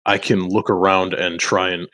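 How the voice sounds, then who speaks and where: Low-voiced man rambling at a game table. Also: flat delivery, normal speed, fairly bright tone. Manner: loose, rambling, swears a lot, laughs between lines. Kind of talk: casual game chat in and out of character.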